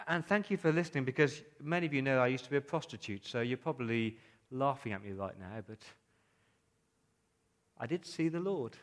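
A man preaching in the first person as Mary Magdalene, a grieving woman who becomes a joyful witness. He speaks earnestly and haltingly as he retells her story. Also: fairly high pitch, natural voice. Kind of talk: first-person dramatic monologue in a sermon.

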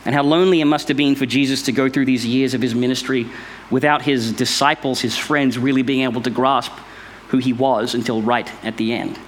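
A man's voice: medium pitch, fairly even intonation, a little fast, slight background noise. A man giving an informal Bible study, explaining step by step in a thoughtful, conversational way. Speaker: Bible teacher.

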